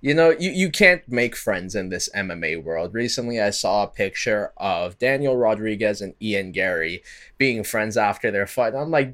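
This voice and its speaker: A man hosting casual MMA video commentary, chatty and slangy with animated asides. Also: fairly low pitch, normal speed.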